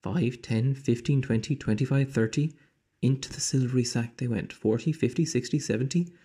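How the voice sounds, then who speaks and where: Male teacher reading aloud to kids; husky, mellow, slow, with hushed whispers. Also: medium pitch. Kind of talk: storybook read-aloud.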